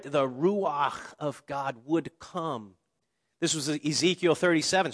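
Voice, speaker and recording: A man preaching a sermon, repeating key phrases slowly and letting his voice fall quiet at the ends of lines. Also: fairly high pitch. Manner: preaching with slow emphatic repetitions and dramatic drops in volume. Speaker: pastor. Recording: long reverb of a large hall.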